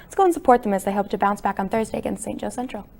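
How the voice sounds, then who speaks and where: A teenage girl co-anchors a school sports segment, reading her script quickly. Her delivery is brisk and upbeat, with a mid-range voice. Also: medium pitch, steady tone, vocal fry, darkish tone. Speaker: student news anchor.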